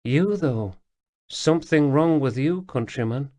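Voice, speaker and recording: A man reading an audiobook voices the ghost of a dead woman soldier who speaks in a quiet, murmuring, resigned way. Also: mid-range voice, lively intonation, unhurried, no room sound, voice pushed up, lightly acted. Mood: calm, wry. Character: female soldier's ghost, calm, wry, gentle.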